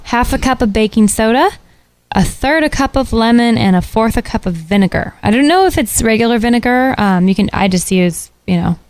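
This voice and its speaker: A woman's voice: a little high, animated, fairly quick, darkish tone, no echo. Chatty woman co-hosting, dry sound. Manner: chatty, laughs easily. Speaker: podcast co-host. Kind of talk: casual chat.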